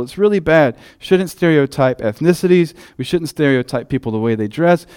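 A man's voice: medium pitch, clear, resonant tone. A man preaching a sermon in a conversational way, with many fillers and restarts.

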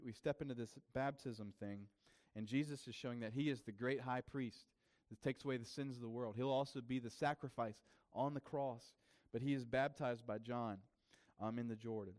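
A man's voice: mid-range voice, moderate pace, a little mellow. A man preaching a sermon as pastor, in a casual, conversational way with frequent fillers and restarts.

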